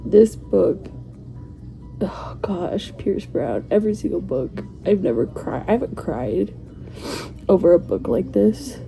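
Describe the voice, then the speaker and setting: A woman's voice: on the low side, big pitch swings, normal speed, vocal fry, dark tone, faint music behind. A woman talking emotionally about a book in a casual vlog, rambling and restarting her sentences. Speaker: book reviewer.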